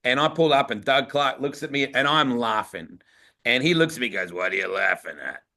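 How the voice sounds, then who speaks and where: Male Australian host, eager storyteller, bright edgy tone. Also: medium pitch, brisk. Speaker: podcast host. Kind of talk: casual podcast chat.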